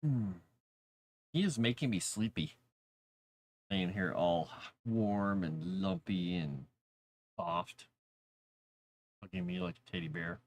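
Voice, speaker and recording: Man, low gravelly voice, lively up-and-down pitch, rambling stream chatter. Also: takes it slowly, pauses often. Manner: rambling, talks to his cat and reads chat aloud. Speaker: streamer writing fantasy lore. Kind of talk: casual live-stream chat.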